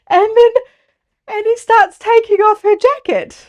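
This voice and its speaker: A woman vlogger chatting casually to camera about a quilting show, telling a story with lively acted-out quotes. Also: extremely high pitch, slow, long pauses. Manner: chatty and excited, acts out quoted voices.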